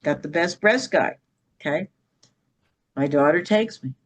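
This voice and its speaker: A woman's voice: deep voice, animated, unhurried, husky. A middle-aged woman, a podcast guest, telling a personal story with emphasis and often checking in with "okay?".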